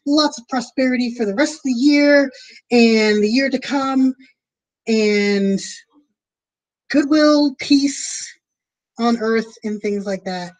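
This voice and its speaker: A woman's voice: fairly high pitch, low-quality recording. A woman streaming from her home, chatting casually and rambling with lots of fillers as she plans a tabletop game. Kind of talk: casual chat to viewers.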